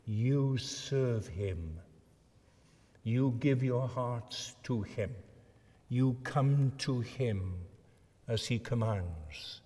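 A man preaching a sermon with earnest feeling, swelling to fervent emphasis and dropping soft. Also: medium pitch, animated, drawn-out words, long reverb tail.

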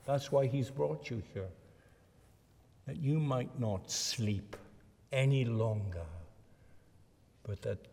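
A man delivers a sermon in a slow, deliberate way, his voice dark and mellow. He rises to fervent emphasis and then drops to a hush. The sound carries a long reverb, as in a church hall. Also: medium pitch, vocal fry. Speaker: preacher.

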